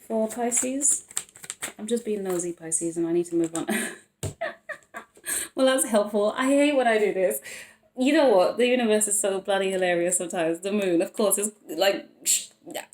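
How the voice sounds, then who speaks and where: A woman's voice: medium pitch, unhurried, pauses often, a little mellow, a little hiss or hum. A woman giving a casual tarot reading, rambling and breaking off mid-thought with frequent small laughs. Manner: rambling, self-interrupting, laughs often. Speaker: tarot reader. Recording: roomy echo.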